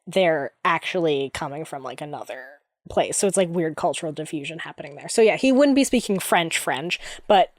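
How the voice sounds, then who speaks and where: A woman's voice: low voice, lively intonation, fairly quick. A woman co-hosting a podcast, chatting casually about a book with lots of fillers and rambling asides. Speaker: podcast co-host. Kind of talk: casual book discussion chat.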